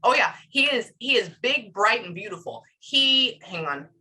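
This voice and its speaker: A woman's voice: a little high, lively intonation, moderate pace, bright, forceful tone, slightly rough, low-quality recording. A woman giving a medium reading to clients, talking in a rambling, emotional way with lots of fillers. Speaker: psychic medium.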